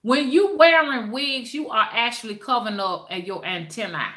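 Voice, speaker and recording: A woman's voice: fairly high pitch, moderate pace, pushed and bright, reverberant. A woman hosting a spiritual livestream, talking casually and preachily to her viewers and greeting them by name.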